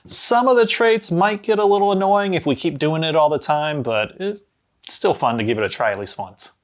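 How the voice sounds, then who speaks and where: A man reviewing a party game in a casual, animated way. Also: on the high side, normal speed.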